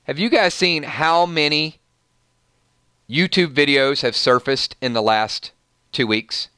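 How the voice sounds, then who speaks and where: A man with a Southern US twang hosts a livestream and rants emphatically at his viewers. His voice is bright and forceful, smooth and crisp. It sounds dry and close. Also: a little high, takes it slowly, dry recording. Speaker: YouTube channel host. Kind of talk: livestream commentary and ranting.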